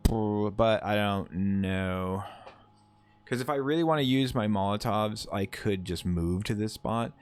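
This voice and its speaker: A man's voice: fairly low pitch, a little slow, clear, resonant tone, faint music behind. A man livestreaming a survival game, rambling through his plans with fillers and restarts, greeting and teasing chat and swearing casually. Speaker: livestreaming gamer. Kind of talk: casual live game commentary.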